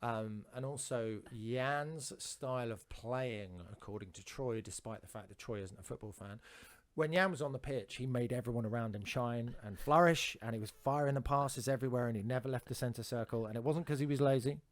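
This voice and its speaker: A man's voice: medium pitch, a little fast, few pauses. A man, a comedian telling rambling anecdotes on a podcast with frequent restarts and swearing. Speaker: comedian guest.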